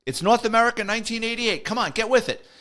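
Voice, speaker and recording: A man doing the voice of a gruff older male police sergeant who snaps impatient orders. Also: sits high, sing-song, quick pace, bright, forceful tone, voice pushed up, heavily acted. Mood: barking.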